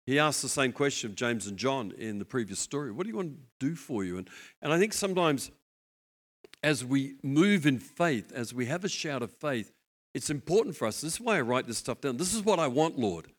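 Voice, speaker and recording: A man preaching a sermon, telling a story with lively asides and acted-out voices. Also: mid-range voice, fairly quick. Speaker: pastor.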